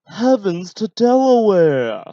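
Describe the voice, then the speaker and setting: A man doing an impression of a goofy old male cartoon ghost, drawing out his catchphrases in a high put-on drawl. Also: very animated, slow, dark tone, dry recording, highs cut off, heavily acted.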